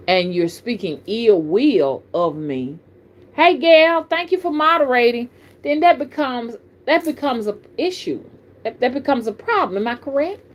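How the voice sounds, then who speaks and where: This spiritual reader and channel host, a woman from the American South with a Southern accent, talks to her audience in a relaxed live stream. Her voice runs on the low side, and she's animated and folksy, addressing viewers as y'all.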